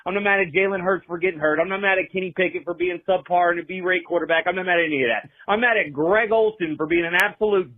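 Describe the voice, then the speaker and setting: A man's voice: high voice, fast, hardly any pauses. A man calling in to vent as an angry sports fan, swearing and ranting, his voice straining into cries. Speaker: caller. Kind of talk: angry fan rant on a call-in line. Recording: tinny phone line.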